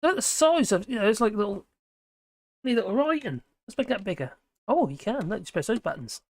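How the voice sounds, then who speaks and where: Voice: mid-range voice, sing-song, fairly quick. Chatty live-stream host. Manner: chatty and scattered, reacting aloud to comments. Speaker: live-stream host reading viewer chat. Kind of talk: casual live-stream chat.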